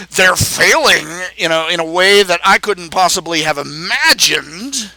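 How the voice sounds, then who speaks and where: A man hosting a live stream, talking in a casual, animated ramble, repeating phrases and laughing at his own jokes. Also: high-pitched, takes it slowly, creaky, low-quality recording.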